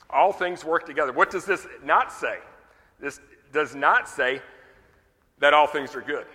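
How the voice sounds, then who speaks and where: Male pastor, emphatic and conversational sermon delivery, bright tone, reverberant sanctuary. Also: a little high, moderate pace. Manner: emphatic, conversational preaching with rhetorical questions. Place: church sanctuary.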